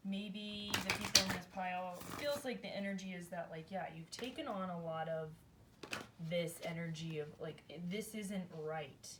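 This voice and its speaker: A woman's voice: fairly low pitch, steady tone, moderate pace, very noisy. A woman giving a casual tarot reading, thinking aloud in a chatty, rambling way, often adding "like" and "right?". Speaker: tarot reader.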